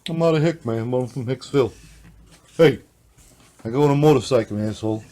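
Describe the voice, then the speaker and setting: Man doing a Long Island hothead: young, loud, foul-mouthed, always looking for a fight. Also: medium pitch, a little fast, a little hiss or hum, lightly acted. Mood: belligerent. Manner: loud, cursing, picking fights. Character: hot-headed young Long Island tough guy.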